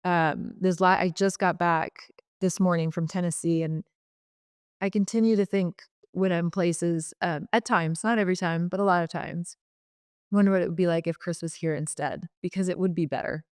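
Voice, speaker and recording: A woman's voice: fairly low pitch, steady tone, darkish tone, smooth, no echo, studio quality. Heartfelt woman telling a family story. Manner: heartfelt, halting, many fillers and restarts. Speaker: podcast guest. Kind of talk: emotional personal storytelling.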